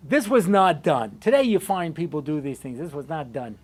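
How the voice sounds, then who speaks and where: Animated rabbi telling a story. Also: male voice, moderate pace. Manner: conversational, many asides and "you know"s; animated, shifting pitch and loudness. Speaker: rabbi and lecturer. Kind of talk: storytelling Torah lecture.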